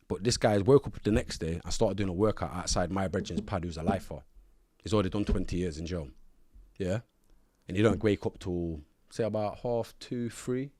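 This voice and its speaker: A man from Nottingham, a podcast guest telling animated stories in heavy street slang and acting out what others said. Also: deep voice. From Nottingham, England. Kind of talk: casual storytelling in an interview.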